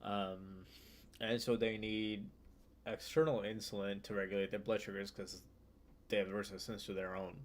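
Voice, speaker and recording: A young student streamer with a lowish, flat voice reads a textbook passage aloud during his study session at a moderate pace. He then explains it loosely and casually, with many fillers and restarts.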